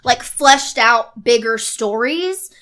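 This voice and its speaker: Woman podcast co-host, high bright voice, fast joking recaps. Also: animated. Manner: rapid plot recap, laughing asides. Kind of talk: casual movie review chat.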